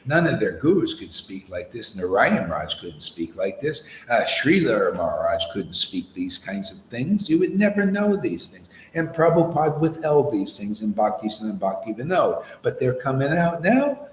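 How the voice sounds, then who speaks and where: A man preaches in a loose, conversational way, his pitch swinging widely as he argues. The room around him is echoey, with faint background noise. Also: normal speed, few pauses. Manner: animated, mocks opponents in put-on voices. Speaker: spiritual teacher. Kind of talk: informal sermon.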